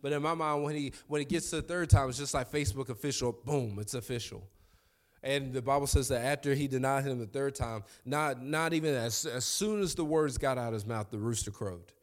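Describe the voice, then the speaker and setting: A man's voice: medium pitch, brisk. A young man, preaching a sermon in a conversational, storytelling way with asides to the congregation. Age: young adult.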